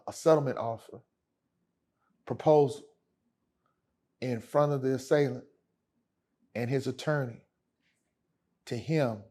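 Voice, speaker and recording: A man's voice: mid-range voice, warm tone. Emphatic man telling lawyer stories. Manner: emphatic, slangy, addresses host as man and brother. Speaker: lawyer guest. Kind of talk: casual interview storytelling.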